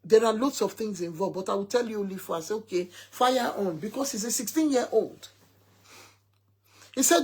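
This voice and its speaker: A mother shares an emphatic story in a casual talk to her followers, quoting her son at length. Her voice is medium-pitched and slightly rough with a darkish tone, at normal speed.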